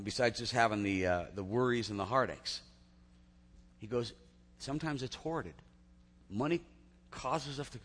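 A man preaching a sermon in a chatty storytelling way, often restarting his sentences. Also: mid-range voice. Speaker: pastor. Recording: long hall reverb.

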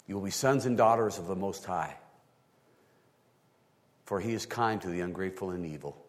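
A male pastor delivering a sermon, talking through scripture and often rising into high, emphatic bursts. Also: moderate pace, long reverb tail.

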